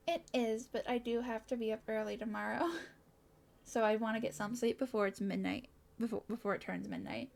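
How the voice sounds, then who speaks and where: Woman streamer, casual chat, a touch high-pitched, bubbly and giggly, stumbles over words. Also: moderate pace, creaky, a little mellow.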